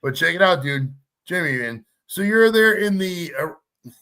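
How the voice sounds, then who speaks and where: A man's voice: on the high side, lively intonation, normal speed, bright, forceful tone. A man hosting a podcast, rambling and joking in a crude, profane way. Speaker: podcast host. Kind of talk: casual crude banter.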